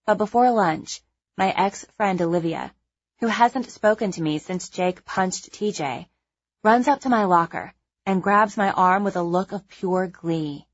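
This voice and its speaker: A young adult woman narrating a first-person audiobook in a measured, wry, conversational way. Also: fairly low pitch, muffled recording.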